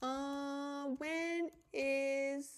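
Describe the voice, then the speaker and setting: This young woman runs a chatty Korean study livestream, sounding a bit weary as she thanks viewers and laughs off her mistakes. Her voice sits high, but her delivery is flat and very slow.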